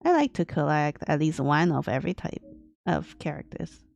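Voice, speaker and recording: A woman artist thinking aloud as she draws on a livestream, talking in a deliberately aged, grandma-like voice in short, broken phrases. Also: deep voice, very animated, creaky, darkish tone, dry recording. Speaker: artist streaming her drawing process. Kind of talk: casual livestream commentary while drawing.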